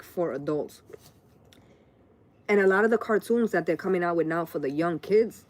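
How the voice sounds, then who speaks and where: A woman's voice: medium pitch, a little mellow. A woman in her late thirties, a tarot reader ranting casually and profanely on a live stream, wandering from story to story. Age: late 30s.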